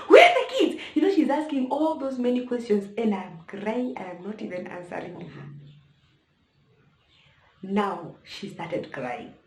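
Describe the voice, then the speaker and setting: A young woman with a Kenyan accent vlogs a personal story to camera in a mid-range, slightly mellow voice. She's emotional and talks right to her audience, recorded in an echoey room.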